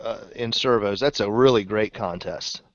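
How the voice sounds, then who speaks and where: A man's voice: on the low side, normal speed, no echo. Male co-host, playful ribbing with frequent laughs; dull, dry lo-fi sound. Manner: teasing, laughs often. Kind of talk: casual chat.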